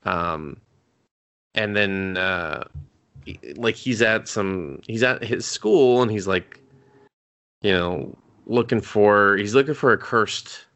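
A man's voice: lowish voice, takes it slowly, a bit bright. A man co-hosting a podcast, casually recapping an anime in a rambling way, full of fillers and cursing. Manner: rambling, many fillers and restarts, swears freely. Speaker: podcast co-host.

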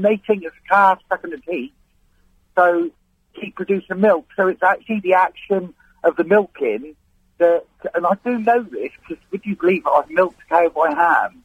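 A man's voice: high voice, very animated, normal speed, breathy edge, no echo. A man with a Cornish accent calling into a radio show, chatty and rambling, laughing at himself. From Cornwall. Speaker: caller. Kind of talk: phone-in call. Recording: phone line.

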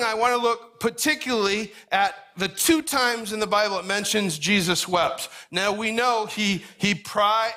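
A middle-aged man gives a sermon in a relaxed, conversational manner and slips in friendly asides. His voice sits a little high and rings bright and clear. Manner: conversational, folksy preaching with asides. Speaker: pastor.

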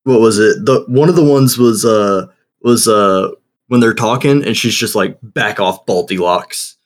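A man in relaxed conversation with friends, stumbling through his thoughts with frequent fillers and restarts. His voice sits at an ordinary pitch, and he laughs easily between points. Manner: halting, many restarts and fillers, laughs often. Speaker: podcast co-host. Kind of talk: casual chat.

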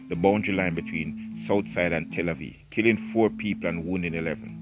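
Deep-voiced man rambling over music. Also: brisk, few pauses, rough recording. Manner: rambling, self-mocking, stops reading to joke and rant. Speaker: podcast host reading a book aloud. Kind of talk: casual solo podcast, reading aloud with asides. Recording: clear music playing behind the voice.

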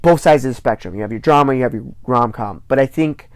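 A man chatting casually with a co-host, his voice in a middle pitch. He laughs often and rambles through restarts. The sound is dry and close. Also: fast talker, no echo. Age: adult, married and divorced. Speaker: podcast co-host. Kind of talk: casual chat.

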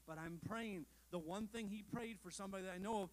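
A man's voice: sits high, fairly quick, hardly any pauses, rough recording. A male pastor preaching a sermon in a conversational way, with rhetorical questions, asides and self-deprecating jokes to the congregation.

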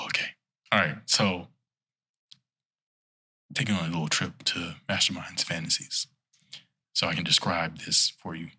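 A man's voice: deep voice, steady tone, unhurried, long pauses, bright, forceful tone, breathy edge. A man in casual chat, telling a rambling, playful story as a podcast co-host.

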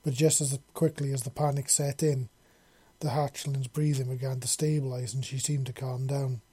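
Husky mellow-voiced male story narrator. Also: mid-range voice, level tone, normal speed.

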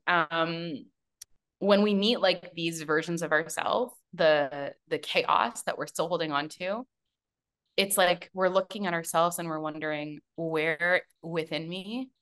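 A woman's voice: sits low, a bit bright. A woman, a business and mindset mentor as a podcast guest, telling her story in casual conversation, chatty and full of fillers and restarts. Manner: chatty, many fillers and restarts, bursts of laughter.

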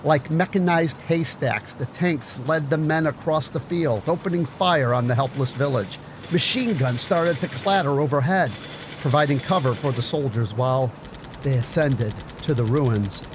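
A man narrating a story in a measured, grave audiobook reading. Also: fairly high pitch, background noise. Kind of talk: scripted narration.

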